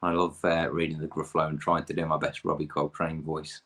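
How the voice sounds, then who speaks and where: A man's voice: very deep voice, little pitch movement, fairly quick, a bit bright. A man in his thirties from the UK, hosting a pub quiz with chatty, rambling, self-deprecating asides.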